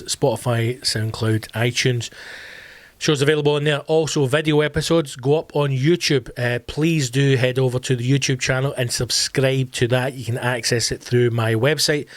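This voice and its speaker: A man's voice: medium pitch, dry recording. Glaswegian man, swearing solo podcast host. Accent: Scottish, Glasgow. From Scotland. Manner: animated, swears freely, addresses listeners as team. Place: home during lockdown.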